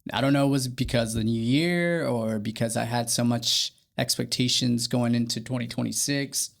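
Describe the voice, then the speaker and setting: A young man co-hosting a faith podcast, talking earnestly and haltingly with many fillers. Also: medium pitch, steady tone, creaky. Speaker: podcast co-host. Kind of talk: candid faith podcast chat.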